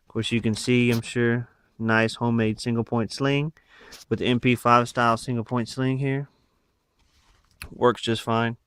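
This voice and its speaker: A man, out of breath, gives a rambling show-and-tell of his rifle accessories in a phone recording, with many fillers and asides. The sound is dry and studio-clean, his medium-pitched voice clear and resonant.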